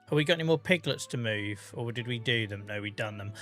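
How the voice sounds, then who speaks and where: Bright-voiced jokey streamer man. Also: mid-range voice, quick pace, soft background music. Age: 40s. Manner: chatty, jokey, greets chat by name, laughs often. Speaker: live streamer. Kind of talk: casual gaming stream chat. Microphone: boom-arm microphone.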